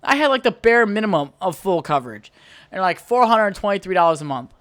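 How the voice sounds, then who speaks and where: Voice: medium pitch, very animated, a little fast, fairly bright tone, no echo, clean studio sound. A podcast host from the United States ranting heatedly and profanely in a solo monologue.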